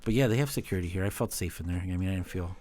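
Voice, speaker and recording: Quick-talking low-voiced club owner guest. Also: male voice, dark tone. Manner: easygoing anecdotes, lots of "like". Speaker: podcast guest, bar and nightclub owner. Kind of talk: casual storytelling chat.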